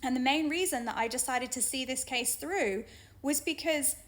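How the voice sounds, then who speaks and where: A young British woman telling a personal story straight to camera in a frank, earnest way. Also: sits high. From Britain. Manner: earnest, frank, with pauses and restarts. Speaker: vlogger.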